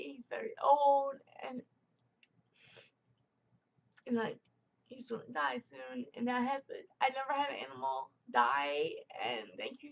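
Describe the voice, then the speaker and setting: A woman's voice: high voice, animated, measured pace, vocal fry, dull audio. A young woman rambling through a casual product review vlog in a chatty way, full of fillers and tangents.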